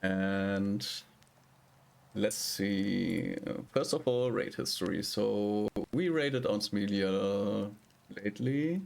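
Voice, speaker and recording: Slow, gravelly-voiced male streamer. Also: lowish voice, a little mellow, a little hiss or hum. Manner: rambling, hesitant, chatty. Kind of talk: casual live-stream chat.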